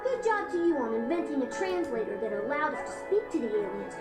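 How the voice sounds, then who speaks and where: A woman's voice: high-pitched, big pitch swings, fast talker. A woman voicing a young male fox sidekick and inventor in a video game, chirpy and wry with self-deprecating jokes. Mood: teasing. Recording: game clip with loud music and roomy echo.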